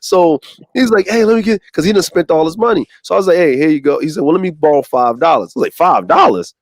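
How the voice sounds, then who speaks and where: Animated man telling a story. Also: on the high side, fast talker, vocal fry. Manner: animated, acts out voices in his stories. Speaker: co-host. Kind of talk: casual storytelling chat.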